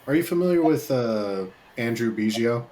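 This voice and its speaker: A man hosting a casual podcast interview, asking relaxed, loosely phrased questions. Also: medium pitch, moderate pace, slight background noise. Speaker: podcast host.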